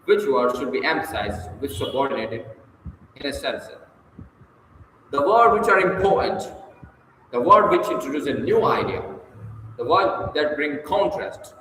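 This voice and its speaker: Reading a textbook aloud, this man delivers short, emphatic bursts, then answers its study questions off the cuff, at times hesitantly. His voice sits a little high, with big pitch swings, a pushed and bright tone, and an unhurried pace broken by long pauses. The room is very echoey with long reverb and faint noise.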